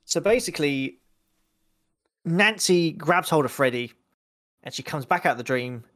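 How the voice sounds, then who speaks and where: Male podcast co-host, rambling and animated, a shade higher-pitched than most men. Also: normal speed, dry recording, clean studio sound. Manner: animated, rambling, acts out scenes. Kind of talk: casual film-review chat.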